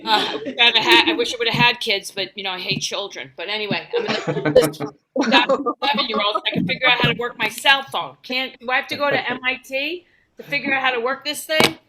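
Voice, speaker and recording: A middle-aged woman doing a self-deprecating stand-up set, with quick punchlines and mock-soothing meditation voices. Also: a little high, over a noisy crowd, rough recording. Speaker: stand-up comic. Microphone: video call.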